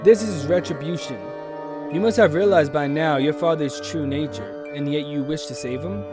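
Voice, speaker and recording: A man voicing a polite, calm bald male salesman in a game, speaking in a measured, courteous way. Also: a little high, natural voice. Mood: smooth, calm. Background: game music.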